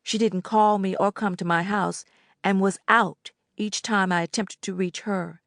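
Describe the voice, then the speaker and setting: A woman narrating an audiobook in the first person, in a measured, subdued way. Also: mid-range voice, fairly even intonation, fairly bright tone, dry recording, clean studio sound.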